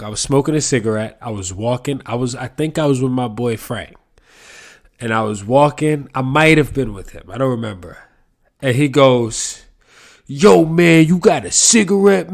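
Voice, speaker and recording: A man from New City, hosting a casual solo podcast and telling rambling, profane stories from his apartment. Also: medium pitch. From New York City. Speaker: podcast host. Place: apartment room with a window to the street.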